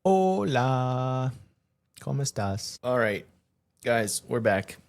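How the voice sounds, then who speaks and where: A man hosting his own podcast, talking through a casual solo monologue with an energetic, conversational manner. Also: medium pitch, slow pace, creaky. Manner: energetic, conversational, hype greetings. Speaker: podcast host.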